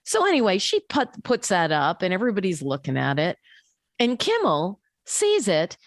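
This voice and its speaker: A woman co-hosting a podcast, telling stories in a casual, animated way with many fillers. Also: medium pitch, normal speed, no echo, clean studio sound. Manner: animated, lots of fillers and restarts. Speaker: podcast co-host. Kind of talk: casual chat, storytelling.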